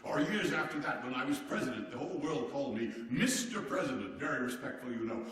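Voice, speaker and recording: Playing an old-time American president full of heartiness and bluster, a man performs a live one-man show, exclaiming theatrically to a seated audience in a genial mood. His medium-pitched voice is expressive, a bit bright, lightly acted, and fast. The sound is echoey and distant.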